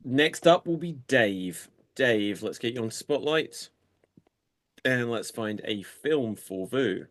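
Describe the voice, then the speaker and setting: A man with a middle-pitched voice hosts an online comedy show. He sets up each round briskly and draws out his sign-offs. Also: animated. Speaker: host. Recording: video call audio.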